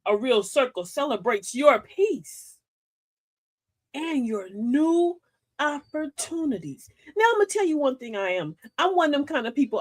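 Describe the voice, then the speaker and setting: An older woman hosting a live-stream talk, giving life advice emphatically, telling stories and calling listeners baby and y'all. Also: fairly high pitch. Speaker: host of a live advice show.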